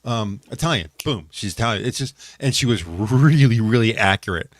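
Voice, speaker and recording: A low-pitched man co-hosting an online talk show, chatting in a loose, rambling way with lots of restarts. His voice sounds close-miked and dry. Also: expressive, normal speed, no room sound. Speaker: podcast co-host. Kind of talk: casual chat.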